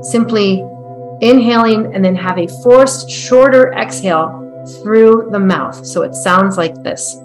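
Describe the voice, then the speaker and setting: Calm woman guiding breathwork over music. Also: mid-range voice. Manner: calm, soft, unhurried instruction. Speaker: breathwork guide. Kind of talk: guided breathwork meditation.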